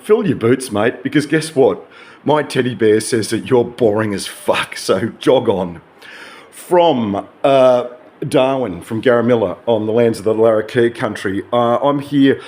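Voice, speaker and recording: A man's voice: on the low side, a little mellow. A man, rambling through a chatty early-morning vlog from his hotel, swearing casually as he digresses. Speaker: vlogger.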